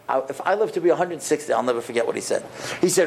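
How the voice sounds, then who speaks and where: A rabbi telling stories in a fairly high, gravelly voice, acting out every exchange with lively energy. He moves back and forth between narration and quoted dialogue. A faint hiss sits behind him. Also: very fast. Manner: animated storyteller who acts out dialogue. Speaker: rabbi and mohel. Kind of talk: storytelling talk.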